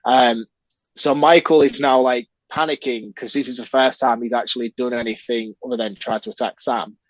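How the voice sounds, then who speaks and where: A man's voice: medium pitch, fairly even intonation, moderate pace, dry recording, highs cut off. A man co-hosting a podcast, casually recapping a film scene by scene and acting out the characters' lines. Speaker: podcast co-host. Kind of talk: casual film review chat.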